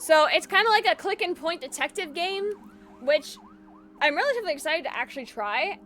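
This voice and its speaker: Bubbly young streamer girl, high voice, laughs a lot and cusses, quiet game music under her. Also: animated, normal speed. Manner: bubbly, giggly, swears casually, reads on-screen text aloud. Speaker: gaming streamer. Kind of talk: casual live-stream chat and gameplay.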